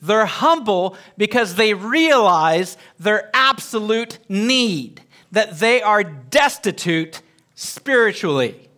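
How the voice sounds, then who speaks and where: A man's voice: sits high, big pitch swings, slow, pushed and bright. A man teaching a Bible lesson to a group, emphatic, often putting questions to his listeners.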